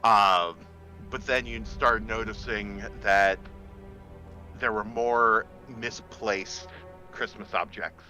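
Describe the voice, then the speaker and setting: A man narrating a tabletop game as its game master, his voice sitting low but sounding very bright and forward. He talks in a relaxed, unhurried way and pauses often as he describes each scene. Faint music plays underneath. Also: dull audio.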